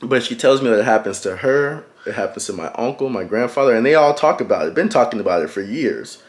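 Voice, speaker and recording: A young man telling a personal story to camera in a reflective way, often pausing and searching for words. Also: lowish voice, expressive. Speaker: vlogger.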